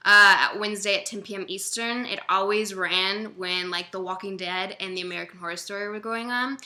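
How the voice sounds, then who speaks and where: Chatty bright-voiced woman host. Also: mid-range voice. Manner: chatty, laughs often, swears casually, reads viewer questions aloud. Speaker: podcast host. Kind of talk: casual live-stream chat.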